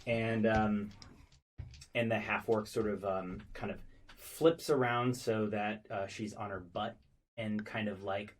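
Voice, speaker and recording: A man narrating as game master of a tabletop game, halting, with many ums and restarts. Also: on the low side, fairly even intonation, poor audio.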